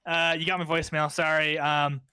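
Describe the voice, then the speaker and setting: A man's voice: a little high, level tone, a little fast, sharp tone, clear, resonant tone, no room sound. A man voicing a laid-back young man's offhand voicemail greeting. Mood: breezy.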